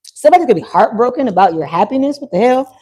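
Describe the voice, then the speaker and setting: A woman hosting a live tarot reading, talking in an animated, slangy way with swearing and bursts of laughter. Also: on the high side, racing, slightly rough. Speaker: tarot reader. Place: at home near a pool, kids heard.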